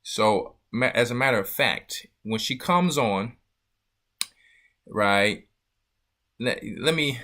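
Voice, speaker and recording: A man's voice: medium pitch, lively intonation, slow pace, long pauses, bright, forceful tone. A man, a church elder, hosting a loose, joking livestream chat with viewers. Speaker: church elder and show host.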